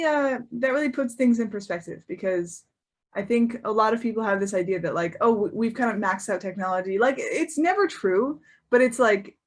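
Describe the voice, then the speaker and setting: A woman hosting a podcast, asking thoughtful questions in a casual way with some hesitation. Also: fairly high pitch. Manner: thoughtful, hesitant with fillers and restarts. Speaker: podcast host. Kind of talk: casual interview chat.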